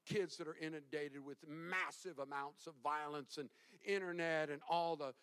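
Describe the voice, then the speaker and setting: Pastor guy preaching, fairly high voice, gets worked up then drops quiet. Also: normal speed, smooth. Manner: animated, emphatic, swings from hushed to loud. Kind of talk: sermon.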